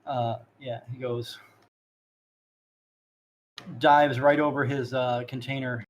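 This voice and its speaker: A man's voice: medium pitch, steady tone, slow pace, a little hiss or hum. A man narrating a tabletop game as dungeon master, rambling with laughing asides.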